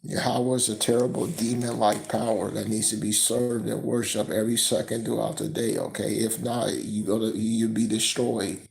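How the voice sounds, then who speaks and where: A man teaching from scripture, tagging nearly every sentence with "okay?" and reading the verses slower and louder. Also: lowish voice, little pitch movement, creaky, poor audio. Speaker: preacher.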